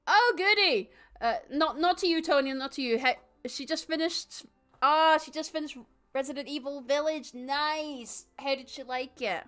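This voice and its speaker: A young woman plays through a spooky game on stream, reading the first-person narration with dramatic flair. Between passages she chats animatedly with viewers and her cat, her voice sitting somewhat high. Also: fairly even intonation, normal speed, soft background music. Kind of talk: live let's-play with dramatic reading of game text.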